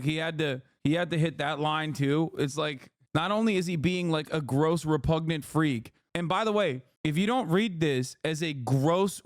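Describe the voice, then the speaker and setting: A man's voice: a little high, no echo, clean studio sound. A man in his thirties streaming live, ranting angrily and with heavy profanity as he reacts to posts. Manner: angry, profane ranting, fast and emphatic.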